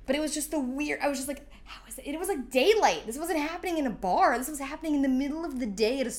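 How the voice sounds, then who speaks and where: Animated, profane woman telling a story. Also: high-pitched, rapid-fire. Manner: profane, animated, acts out quotes. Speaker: podcast guest. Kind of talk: casual storytelling chat.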